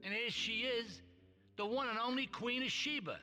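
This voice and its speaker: An actor playing a brash, crude male mafia boss in a video game cutscene, talking in a gruff, bossy way. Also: very high-pitched, moderate pace, over music.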